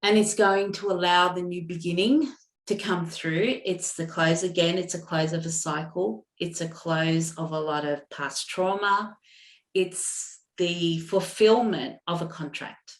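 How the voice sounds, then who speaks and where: A woman doing a live intuitive card reading, with a soft, halting way of talking, full of fillers and restarts, and moved to emotion. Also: sits low, reverberant. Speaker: intuitive reader.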